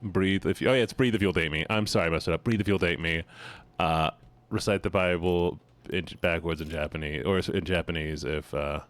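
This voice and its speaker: A man's voice: low voice, fairly even intonation, brisk, few pauses. A man chatting casually on a stream in a goofy, playful, singsong way. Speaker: streamer guest and voice actor.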